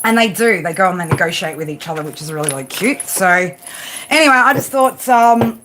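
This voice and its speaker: A woman runs a relaxed live tarot reading from her home, chatting loosely and dropping swear words as she addresses viewers one by one. Her pitch sits in a plain middle range, with a faint noise floor under the voice. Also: brisk. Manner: chatty, swears freely, talks to viewers and pets by name. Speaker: tarot reader hosting a live stream. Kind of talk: casual live-stream chat.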